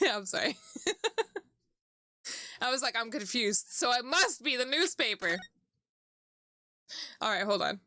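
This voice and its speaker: High, animated woman streaming a game. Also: no echo. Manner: excitable, swears often, laughs a lot; reads game dialogue aloud. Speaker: VTuber streamer. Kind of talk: gaming livestream commentary. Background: background music.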